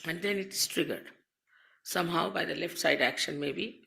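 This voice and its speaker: A woman spiritual teacher giving a slow, measured talk to an audience, speaking into a mic in a hall. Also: on the low side, vocal fry, sharp tone.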